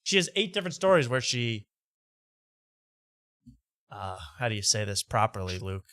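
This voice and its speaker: A man's voice: fairly low pitch, very animated, normal speed, fairly bright tone, no room sound, clean studio sound. A man hosting a comedic late-night talk show, rambling and mocking as he halts on fillers.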